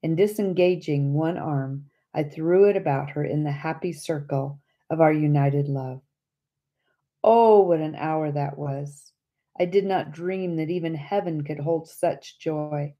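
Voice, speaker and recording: A woman narrating an audiobook in a slow, measured reading. Her voice sits low, with a soft, mellow tone. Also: highs cut off. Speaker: audiobook reader.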